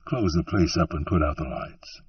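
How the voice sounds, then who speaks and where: A man's voice: very deep voice, moderate pace, slightly rough, voice pushed down, full character voice. A man voicing a worn-out, bitter woman saloon keeper with a shrewish manner, heard as a dull, distant recording. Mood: tearful. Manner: shrewish, by turns screaming and tearful.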